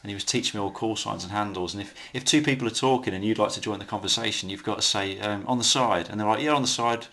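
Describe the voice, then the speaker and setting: A man's voice: on the low side, steady tone, quick pace, few pauses, pushed and bright. A man co-hosting a casual film commentary, chatty, swearing freely and laughing at his own anecdotes.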